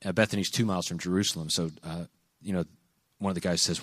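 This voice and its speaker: A man's voice: low voice, fairly even intonation, fast talker, dry recording, clean studio sound. A man giving a casual, conversational sermon, telling stories animatedly and acting out quoted lines. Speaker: preacher. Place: venue with a live audience.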